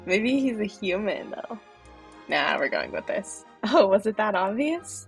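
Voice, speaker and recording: A soft-spoken, chatty woman streaming games, talking casually to her viewers with a self-mocking touch. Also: mid-range voice, animated, moderate pace, creaky, faint music behind. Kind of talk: casual livestream chat.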